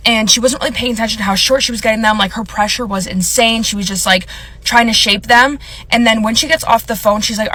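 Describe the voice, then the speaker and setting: A woman's voice: medium pitch, fairly even intonation, fairly quick, a bit bright. A young woman telling a story in a casual vlog, rambling and emotional, with many fillers.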